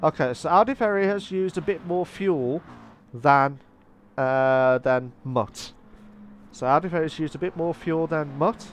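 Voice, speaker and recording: A man giving live sim racing commentary in an excitable, rambling way, often correcting himself. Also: on the high side, unhurried, slight background noise. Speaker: race commentator.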